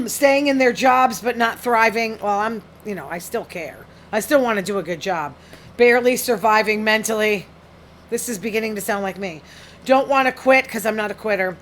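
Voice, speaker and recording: A woman's voice: medium pitch, normal speed, fairly bright tone, slight background noise. A woman hosting a solo talk show, reading study findings aloud and reacting to them bluntly and frankly. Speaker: podcast host. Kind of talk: casual solo commentary reading news.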